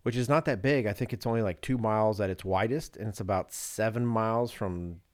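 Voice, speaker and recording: A man's voice: fairly low pitch, a little fast, no room sound, studio quality. A man in his thirties, a podcast co-host, telling a travel story in casual chat and slipping into voices of the people in it.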